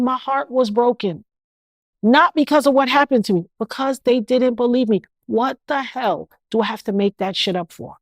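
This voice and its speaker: A woman's voice: fairly high pitch, moderate pace, no echo. A woman in her fifties, an interview guest speaking with an emphatic, repetitive, preacher-like cadence. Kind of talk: emotional interview.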